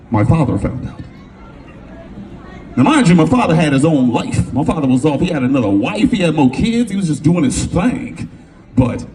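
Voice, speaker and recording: Animated slangy storyteller man, distant mic. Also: medium pitch. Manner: animated, slangy, acts out voices. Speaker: motivational speaker. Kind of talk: personal storytelling to a live audience. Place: event venue before an audience. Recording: distant mic with faint room noise.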